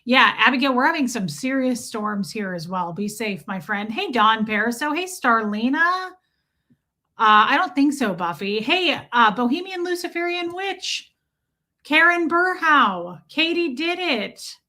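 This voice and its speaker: Woman streamer, casual, teasing, high-ish voice, live chat host. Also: expressive, measured pace. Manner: chatty, teasing, warm toward chat. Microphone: streaming mic.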